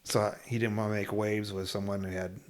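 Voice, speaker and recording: A man's voice: lowish voice, flat delivery, brisk. A man telling a travel story in casual conversation, laughing and acting out other people's lines.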